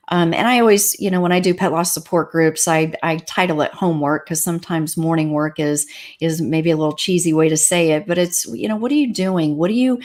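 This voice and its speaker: This woman, a grief counselor who helps people through pet loss, chats on a livestream talk show. Her voice sits on the low side and is a little mellow, and she moves fairly quickly, teaching with emphatic repetition.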